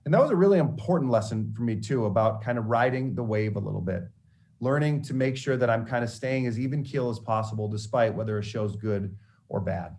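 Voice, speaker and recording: A man in his forties, a TV sports reporter, telling career stories to students in an animated, anecdotal way with frequent restarts. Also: medium pitch, a little fast, a little hiss or hum. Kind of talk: storytelling motivational talk.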